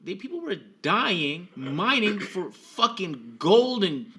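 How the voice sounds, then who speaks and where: Sharp, animated man making an emphatic point. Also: high-pitched, takes it slowly, few pauses. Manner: emphatic, profane, builds up his point. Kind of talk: heated argument.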